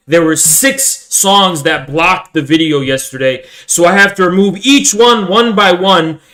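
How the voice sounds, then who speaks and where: A man's voice: on the high side, fairly bright tone. A man live streaming an angry, profanity-heavy rant that sometimes slips into a sing-song delivery. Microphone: desk setup in front of a streaming camera.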